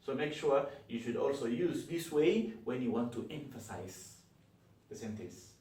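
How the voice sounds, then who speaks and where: A man teaching an English grammar lesson, slowly spelling out words and repeating each form. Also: mid-range voice, lively intonation, a little mellow, far from the mic. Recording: echoey room, from the mic.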